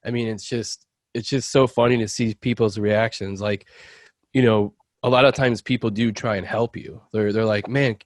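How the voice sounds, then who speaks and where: A man's voice: fairly low pitch, fairly even intonation, dry recording. Easygoing male podcast host, dry sound. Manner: easygoing, quick to laugh along. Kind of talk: casual chat.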